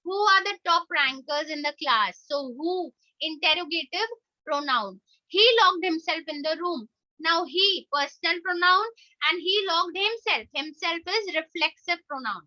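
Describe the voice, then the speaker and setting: A woman teacher with an Indian English accent, explaining grammar step by step in an online lesson and repeating example sentences slowly. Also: very high voice, pushed and bright, no room sound. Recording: dull, dry lo-fi recording.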